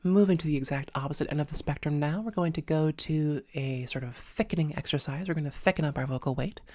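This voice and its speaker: A woman with a low, mellow voice leads a voice lesson, talking it through loosely with plenty of fillers. She sits close to the microphone in a dry room. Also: fast talker, no room sound. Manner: relaxed, hesitant with many fillers. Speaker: voice coach. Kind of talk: instructional voice lesson.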